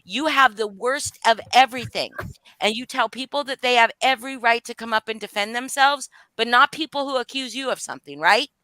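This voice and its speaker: Angry bright-voiced woman calling someone out. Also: on the high side, a little fast, no echo. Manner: angry, profane, voice rising and falling. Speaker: livestream guest speaking out. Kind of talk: emotional live-stream confrontation.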